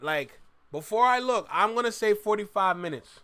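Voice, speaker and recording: A man's voice: high-pitched, expressive, moderate pace, pushed and bright, clean tone, no echo. A man hosting a reaction video, commenting emphatically and talking to his viewers. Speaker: YouTube reaction host.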